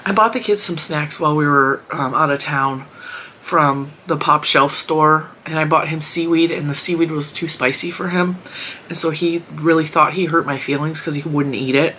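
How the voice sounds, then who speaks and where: A woman's voice: low voice, fairly even intonation, moderate pace, bright, forceful tone, a little hiss or hum. A woman vlogger rambling casually about her week and her crochet projects. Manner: chatty, rambling storytelling. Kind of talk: casual chat.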